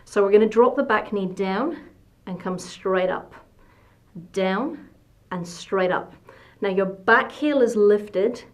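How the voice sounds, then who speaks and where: An upbeat woman guides a workout class with brisk instructions and steady encouragement. Her voice sits in a middle pitch, and she clips each cue short. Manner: encouraging, coaching cues in short bursts. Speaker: fitness instructor.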